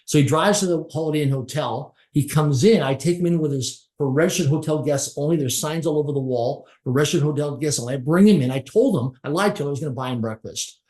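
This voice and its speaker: A man's voice: a little high, quick pace, hardly any pauses, a little mellow. A middle-aged man telling a motivational story as a podcast guest, stacking short repeated phrases for emphasis. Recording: roomy echo.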